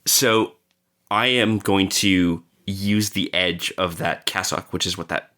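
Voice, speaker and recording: A man playing a tabletop game, deliberately talking through his moves. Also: low-pitched, pushed and bright. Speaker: player.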